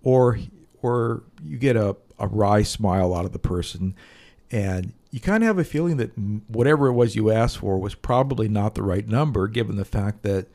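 A man's voice: on the low side, normal speed, gravelly, a little mellow. A man co-hosting an advice podcast, telling stories bluntly in casual chat and laughing now and then. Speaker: podcast co-host.

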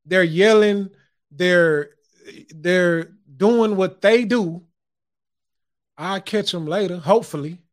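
A man with a high voice talks in a loose, preachy podcast monologue. He chuckles often and drops curse words casually, a host working from his own studio. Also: takes it slowly, long pauses. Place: home studio.

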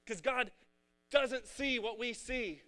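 A man preaching a casual, energetic sermon, talking in a rambling, conversational way. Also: extremely high pitch, slow. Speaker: pastor.

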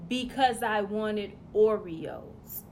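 A woman's voice: mid-range voice, lively intonation, drawn-out words, a little mellow, slight background noise, voice pushed down. Woman putting on a whiny crying little kid.

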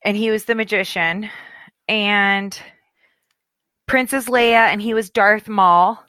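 A woman's voice: mid-range voice, fairly even intonation, slow pace, bright, forceful tone, no room sound. A woman in her thirties chatting casually as a podcast co-host, rambling and cutting herself off as she goes, tired and yawning. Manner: chatty, rambling, self-interrupting. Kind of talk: casual chat.

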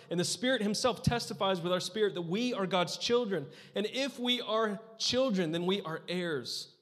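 Pastor, man, 30s, high voice, chatty sermon that keeps checking in with the congregation, church hall with long reverb. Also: fairly bright tone. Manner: conversational, asks the crowd questions.

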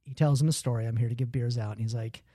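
A man in casual chat, retelling a film scene and acting out its lines with lively energy. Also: medium pitch, fast, no echo, studio quality. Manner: animated storytelling, acts out quoted lines.

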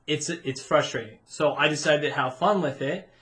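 A man's voice: a little high, normal speed, a bit bright. A man telling anecdotes in casual podcast chat, proudly acting out the quoted lines in his stories. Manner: chatty storyteller, proud, acts out quoted voices. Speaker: podcast co-host, former theme park cast member.

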